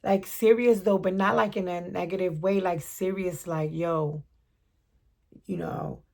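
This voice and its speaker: Excitable gravelly woman reading tarot. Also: lowish voice, moderate pace. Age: middle-aged. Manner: excitable, laughing, slang-heavy, bursts into singing. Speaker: tarot reader.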